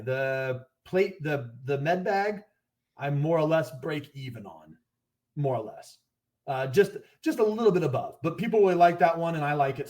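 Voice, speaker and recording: A man's voice: on the high side, darkish tone. A man talking casually as a podcast guest, rambling and restarting as he explains his products and pricing. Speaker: gear brand owner, podcast guest.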